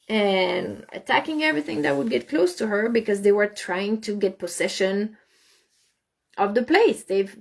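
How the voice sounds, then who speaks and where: A woman telling a story in casual talk, animated, often repeating and restarting words. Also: mid-range voice, vocal fry, breathy edge.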